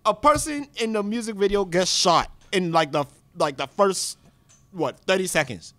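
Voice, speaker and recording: A man co-hosting a casual podcast chat, talking in a playful, animated way. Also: high-pitched, normal speed. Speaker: podcast co-host.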